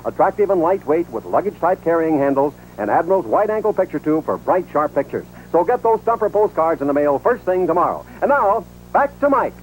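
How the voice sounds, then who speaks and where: A man announcing the show's prizes and rules in a smooth, measured, scripted delivery. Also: a little high, big pitch swings, a little mellow, a little hiss or hum, poor audio.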